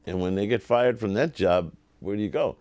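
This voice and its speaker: An older man, a television producer, telling lively anecdotes in an interview and acting out the voices of people he quotes. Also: on the low side, moderate pace, no room sound. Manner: animated, acts out quoted voices.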